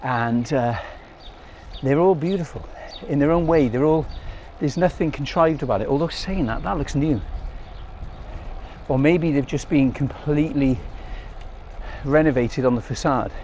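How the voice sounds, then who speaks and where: An Englishman talks casually to a bike-mounted camera as he rides country lanes, rambling and cracking jokes along the way. His voice sits a little high for a man. Faint road and traffic noise runs under the outdoor recording. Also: measured pace, darkish tone, highs cut off. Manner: chatty and rambling, jokey asides. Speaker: cycling vlogger. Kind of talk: casual talk to camera while riding.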